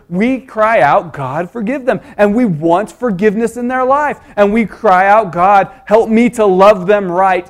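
A man with a high, light voice preaches a sermon. He teaches earnestly, poses rhetorical questions to his listeners and often restarts his sentences mid-thought.

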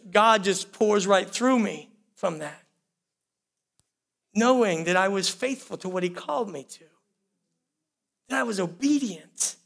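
A man's voice: high-pitched, vocal fry, a bit bright. A man preaching a sermon, talking conversationally and addressing the congregation directly with repeated phrases. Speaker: pastor.

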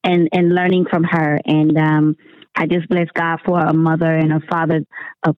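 A woman's voice: low voice, little pitch movement, moderate pace, dry recording. A woman from Miami, a gospel singer and worship leader, answering interview questions over the phone in an effusive way, often laughing and repeating words. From Miami, Florida. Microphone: telephone. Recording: tinny phone line, dry.

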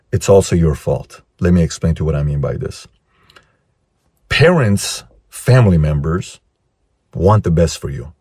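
Husky emphatic motivational man. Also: low voice, a little mellow, no echo, studio quality. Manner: emphatic, rhetorical questions. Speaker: host. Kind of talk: motivational monologue.

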